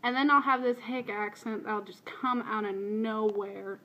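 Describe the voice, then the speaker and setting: With highs cut off, the clip captures a fairly high, steady-toned woman speaking a little slowly. She's an early-twenties video blogger from Baltimore, casually answering questions in a voice meme with self-deprecating asides and a light, shifting accent.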